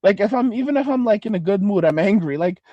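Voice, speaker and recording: A man's voice: high-pitched, lively intonation, fast talker, mellow, no room sound, highs cut off. Profane, rambling middle-aged man. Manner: profane, rambling, self-interrupting. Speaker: livestream host. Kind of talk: casual livestream chat reading comments.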